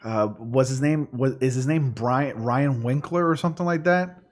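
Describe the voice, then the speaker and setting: A man's voice: mid-range voice, moderate pace, soft background music. Chatty, rambling male streamer. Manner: rambling, filler-heavy, chatty. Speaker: gaming livestream host. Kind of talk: casual chat while streaming. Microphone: studio condenser microphone.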